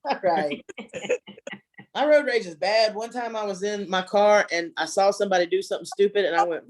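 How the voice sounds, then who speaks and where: A woman's voice: medium pitch, moderate pace. A woman doing a stand-up comedy set at home, chatty and self-mocking, laughing at her own jokes. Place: home, virtual show.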